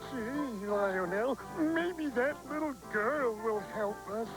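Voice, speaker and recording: A woman voicing Q.T., a wide-eyed, excitable young circus animal on a children's TV show, who talks in an awed, excited way. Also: fairly high pitch, slow, music in the background, poor audio.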